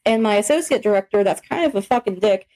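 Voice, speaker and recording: A young woman co-hosting a podcast, telling stories in a profane, animated, casual way. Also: medium pitch, fast talker, poor audio. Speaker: podcast co-host. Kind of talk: casual chat.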